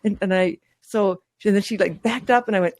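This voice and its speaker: A man hosting a podcast, telling his own story in a chatty, animated way with lots of fillers. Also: high-pitched, a little fast, no echo. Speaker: podcast host. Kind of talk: casual chat.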